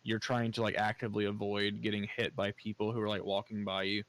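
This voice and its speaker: Guy GMing a tabletop game over voice chat, lowish voice, lots of uhs and restarts. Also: little pitch movement, a bit bright, low-quality recording. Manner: halting, full of fillers and restarts. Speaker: game master.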